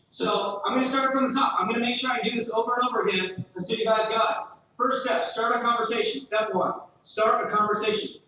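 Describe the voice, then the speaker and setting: A man's voice: high-pitched, sharp tone, a little hiss or hum. Young male trainer, laid-back slangy delivery, muffled dull recording from across a big reverberant room. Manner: casual, slangy, repeats key points for emphasis. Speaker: training speaker. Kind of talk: seminar talk. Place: large hall at a training event. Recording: very echoey hall, distant, dull sound.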